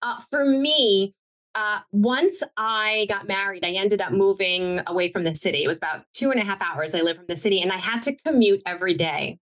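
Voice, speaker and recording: Woman guest, mid pitch, heartfelt rambling storyteller who corrects herself. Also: a little fast, a bit bright. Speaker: TV producer guest. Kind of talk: conversational storytelling interview.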